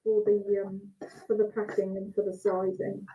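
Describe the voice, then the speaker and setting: A woman's voice: mid-range voice, completely flat delivery, moderate pace, warm tone, slight background noise. A woman judging cheese over a video call, chatty and thinking aloud as she tastes and cuts. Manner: chatty, thinks aloud while tasting and cutting. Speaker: cheese judge. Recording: tinny phone-like call audio.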